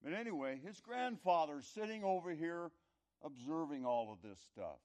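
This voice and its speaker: A middle-aged or older man telling a folksy, rambling story in a conversational sermon, his loudness rising and falling. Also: on the high side, expressive, moderate pace. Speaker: speaker telling a story to an audience.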